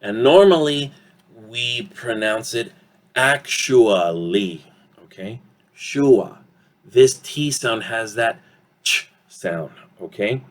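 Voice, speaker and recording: A man teaching an online English pronunciation lesson, slow and deliberate, often ending points with "okay?" and filling pauses with "um". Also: medium pitch, lively intonation.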